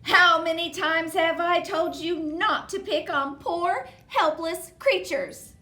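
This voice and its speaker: A woman voicing a tiny old woman in a storybook reading, with high exclamations and a firm scolding manner. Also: takes it slowly, pushed and bright, heavily acted. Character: tiny, fussy old woman, easily startled but firm. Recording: roomy echo.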